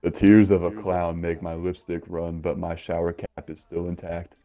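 A young man with a very low, deep voice runs a silly accent game on a live gaming stream. He reads the prompts aloud and bosses his friends around in a playful, teasing way. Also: level tone, moderate pace, dull audio. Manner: playful, bossy game leader reading prompts. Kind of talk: casual gaming stream chat.

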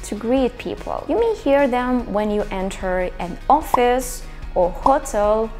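A young woman whose first language is Ukrainian or Russian, explaining English in a clear video lesson. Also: on the high side, expressive, a little slow, darkish tone, faint music behind. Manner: clear, explanatory, with stressed example phrases. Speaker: English teacher.

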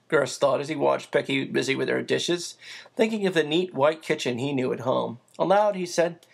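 A reader narrating a children's novel aloud in a steady, gently expressive storytelling manner. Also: medium pitch, normal speed, gravelly, breathy edge. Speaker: audiobook reader.

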